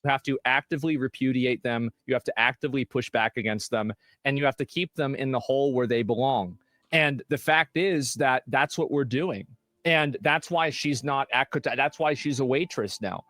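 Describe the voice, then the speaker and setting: A man's voice: medium pitch, normal speed, a bit bright, no room sound. Blunt, profane man ranting dry. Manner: blunt and profane, stammers with repeated words. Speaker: streamer. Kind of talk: casual streaming rant.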